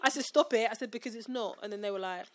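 Fast-talking woman telling stories. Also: mid-range voice. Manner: animated storyteller who acts out her students' voices. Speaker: teacher and podcast co-host. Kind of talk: casual chat.

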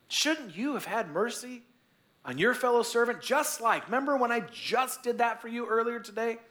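A preacher voicing a stern, indignant master. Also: male voice, very high-pitched, animated, normal speed, a bit bright, voice pushed up. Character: stern adult male master rebuking a servant.

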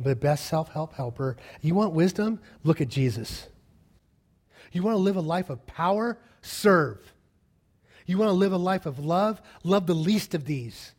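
A middle-aged pastor with a slightly high, husky voice preaches a sermon. Along the way he tells animated stories, acting out the quoted voices of their characters.

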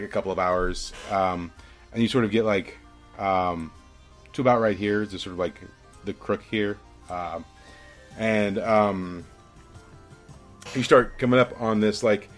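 A man narrating a tabletop game as game master, rambling with many fillers. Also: deep voice.

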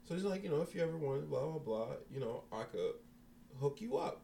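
A man's voice: fairly high pitch, lively intonation, brisk, creaky, warm tone, far from the mic, slight background noise. A man telling a profane story in a casual chat among friends, acting out voices in his quotes.

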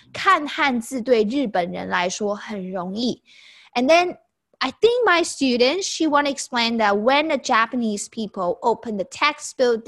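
A woman teaching a lesson in a patient, chatty way, repeating each phrase and explaining it slowly. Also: a little high, fairly bright tone. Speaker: language teacher.

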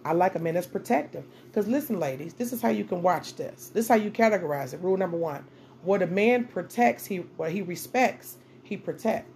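A woman's voice: on the low side, animated, a little fast, darkish tone, a little hiss or hum. A middle-aged woman hosting a podcast, giving dating advice in a blunt, profane, casual monologue and repeating phrases for emphasis. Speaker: podcast host.

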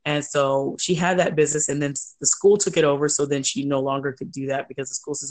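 A middle-aged woman telling personal stories as an interview guest, lively, laughing often and acting out quoted voices. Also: sits low, quick pace, few pauses. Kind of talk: conversational interview storytelling.

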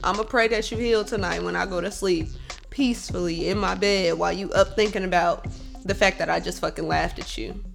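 A woman's voice: fairly low pitch, a little fast, vocal fry, soft background music. Blunt, profane woman telling a story. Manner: blunt, profane, animated, swings between loud venting and calm reflection. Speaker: bartender. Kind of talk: casual storytelling monologue.

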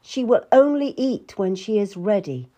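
A woman's voice: medium pitch, animated, measured pace, dark tone. A weary older noblewoman from a historical storybook, worried for her daughter and resigned to her temper, as a woman reader voices her. She speaks tiredly and plainly.

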